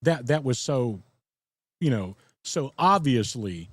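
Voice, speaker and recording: On a dry recording, a man with a mid-range voice and big pitch swings takes his time. He's a Southern US podcast host running a casual live stream, rambling folksily, reading viewer comments, and chuckling a lot.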